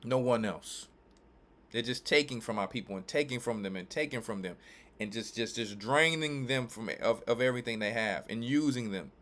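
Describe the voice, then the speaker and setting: A man from Louisiana and Texas, a church elder and pastor, giving emphatic, repetitive preaching commentary with quick restarts. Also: mid-range voice, fairly bright tone.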